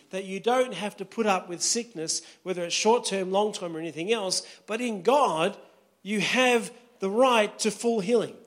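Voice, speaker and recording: A pastor preaching a sermon in a conversational way, often checking in with his listeners. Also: high-pitched.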